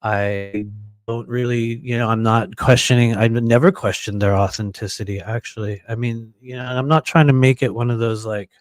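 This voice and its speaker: Animated storytelling man, dry close sound. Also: medium pitch, normal speed, dry recording. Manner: animated, acts out quoted voices, laughs often; frequent fillers and restarts. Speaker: podcast host. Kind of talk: casual storytelling monologue.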